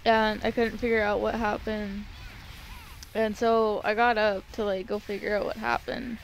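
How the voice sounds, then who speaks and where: A woman's voice: mid-range voice, steady tone, unhurried, vocal fry, pauses often, a little hiss or hum. A woman chatting with a friend, curious and talkative, filling her speech with "like", feeling cold. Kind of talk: casual chat.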